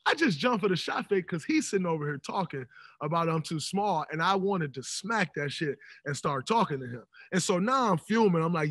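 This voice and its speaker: Animated man telling stories on a podcast. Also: fairly high pitch, a little fast, no room sound. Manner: animated storytelling, emphatic. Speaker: podcast guest. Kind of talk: casual podcast conversation. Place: podcast studio.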